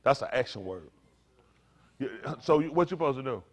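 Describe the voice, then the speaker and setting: An older man preaching to a congregation, in a folksy, playful way with sudden loud bursts. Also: medium pitch, animated, brisk. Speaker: pastor.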